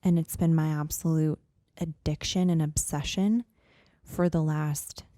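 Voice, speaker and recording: A woman in her thirties telling a personal story as a podcast guest, earnest and animated, with lots of "like" and "you know.". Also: low-pitched, measured pace, no room sound, studio quality. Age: 30s.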